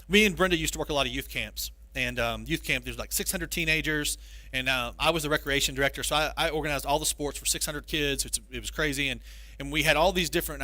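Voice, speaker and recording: A male pastor giving a sermon, telling stories with animated, self-mocking humor. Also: a little high, no room sound.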